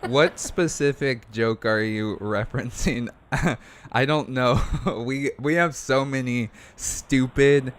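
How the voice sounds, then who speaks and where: A man's voice: medium pitch, takes it slowly, fairly bright tone. A man co-hosting a casual livestream, laughing often and reading viewer comments aloud. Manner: giggly, reads chat comments aloud. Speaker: co-host.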